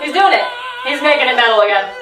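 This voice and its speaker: Woman vocal coach, high bright voice, animated reaction chat with sung demos, roomy and slightly distant sound. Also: quick pace, music in the background. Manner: enthusiastic, breaks into sung demonstrations. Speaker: voice teacher. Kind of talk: reaction video analysis, casual chat.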